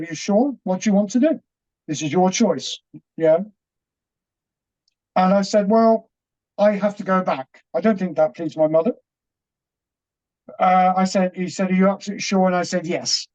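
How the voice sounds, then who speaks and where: A middle-aged man, earnest and halting, telling a personal story as an interview guest with many restarts. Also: high-pitched, a little mellow. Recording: dull, muffled audio.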